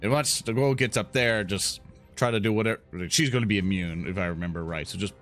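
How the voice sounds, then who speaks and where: A man's voice: lowish voice, fast, fairly bright tone, faint music behind. A man playing a tabletop game, chatting playfully and riffing on jokes. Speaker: player. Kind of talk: casual tabletop game chat.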